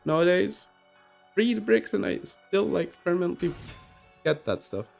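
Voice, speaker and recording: A man streaming himself playing a card game, chatting casually in an animated, self-mocking, rambling way full of fillers. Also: high-pitched, a little slow, vocal fry, faint music behind. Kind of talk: casual gameplay commentary.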